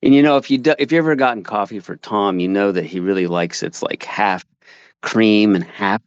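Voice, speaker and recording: A man's voice: fairly low pitch, clear, resonant tone, dry recording. Rambling man on a dull call line. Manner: rambling, halting, many restarts. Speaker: caller sharing a story. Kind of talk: casual storytelling. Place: outdoors. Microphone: call audio.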